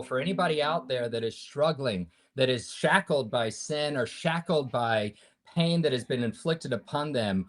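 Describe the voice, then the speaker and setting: A man in his fifties, a podcast guest, telling a personal story in an earnest, preacher-like way that swings between loud and hushed. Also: medium pitch, normal speed. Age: 50s.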